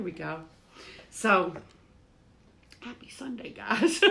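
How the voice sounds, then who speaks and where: A woman speaking slowly with a bright, forceful voice as she hosts a home livestream. She chats with viewers, laughs easily and breaks into hymns between remarks. The talk stays relaxed and unhurried. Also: mid-range voice, gravelly. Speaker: host of a home cooking livestream. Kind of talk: casual livestream chat with singing. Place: home with doors open.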